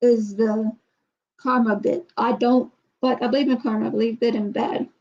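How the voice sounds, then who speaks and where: A woman vlogging in casual personal talk, halting, often repeating herself and trailing off. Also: fairly high pitch, flat delivery, darkish tone, highs cut off.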